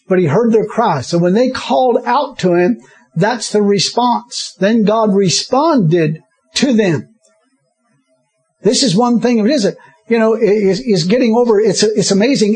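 Husky high-voiced preacher man. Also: a little mellow. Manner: chuckling often, interjecting hallelujahs, repeating himself. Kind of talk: sermon.

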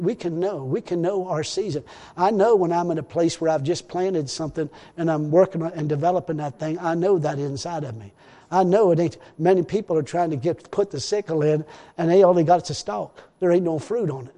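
Folksy preacher in a reverberant church. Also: male voice, fairly high pitch, dark tone. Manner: rambling, repetitive, folksy preaching with frequent hallelujahs. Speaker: pastor. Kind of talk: sermon.

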